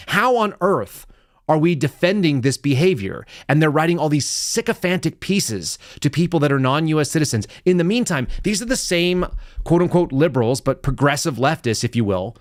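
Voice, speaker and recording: A man's voice: brisk, dry recording. Sarcastic male commentary host, dry close mic. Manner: animated, sarcastic, swings from low mutter to raised outbursts. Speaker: podcast host. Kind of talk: live political commentary show.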